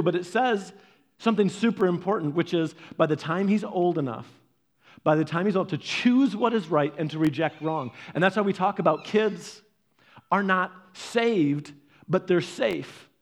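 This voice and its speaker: A male pastor delivering a sermon in a relaxed, conversational manner. His speaking voice sits high for a man. He often restarts and repeats words, and he moves into lively storytelling. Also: moderate pace. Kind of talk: preaching a sermon.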